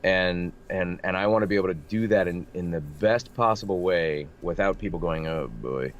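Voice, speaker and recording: A man with a low, slightly nasal voice talks shop in a relaxed interview. He keeps restarting his sentences and getting animated. The remote audio sounds dull with faint hiss behind it. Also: moderate pace. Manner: animated, self-deprecating, lots of restarts. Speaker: voice actor guest. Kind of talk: casual interview chat.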